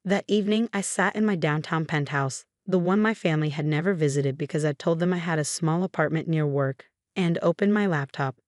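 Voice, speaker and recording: A woman reading a first-person family drama story in a calm, even narration. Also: low voice, fairly quick, few pauses, dry recording, studio quality.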